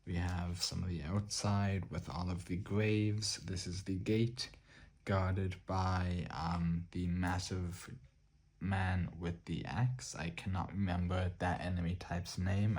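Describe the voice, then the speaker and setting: An Irish man hosting a soft-spoken art book showcase, relaxed and hesitant, pausing often with fillers. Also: sits low. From Ireland. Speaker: art book channel host.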